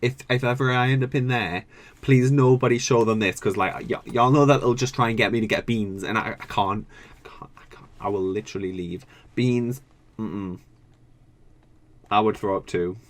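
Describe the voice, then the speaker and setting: A man's voice: fairly low pitch, fairly even intonation, normal speed. A young man from the UK chatting casually as he reacts to a reality show, swearing often and groaning or squealing at what he sees. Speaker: reaction video creator.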